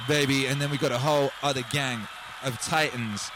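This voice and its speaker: A man hosting a live music stream, chatting in an excitable, rambling way and breaking into shouts. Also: medium pitch, fairly quick, background noise. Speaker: music livestream host. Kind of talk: hyped live stream chat over music. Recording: music playing loudly behind.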